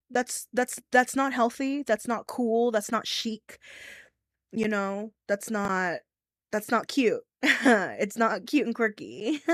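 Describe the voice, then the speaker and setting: A woman's voice: mid-range voice, no room sound, clean studio sound. A young woman streaming, chatting casually and ranting bluntly with lots of swearing and giggles. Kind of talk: casual live-stream commentary.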